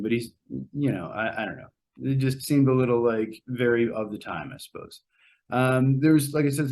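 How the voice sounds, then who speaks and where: A man casually reviewing a movie on a podcast, rambling and hesitant, with many pauses and fillers. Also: medium pitch, a little mellow. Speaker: podcast co-host reviewing a film. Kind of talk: casual spoken film review.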